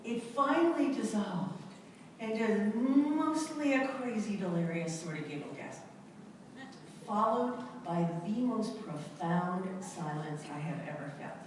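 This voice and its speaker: A middle-aged woman giving a personal storytelling talk to an audience, dramatic and emphatic, with long pauses and repetition. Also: mid-range voice, animated, slight background noise. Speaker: speaker at a self-help event. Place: large indoor event hall. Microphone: camera in the audience. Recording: echoey hall recorded from far off.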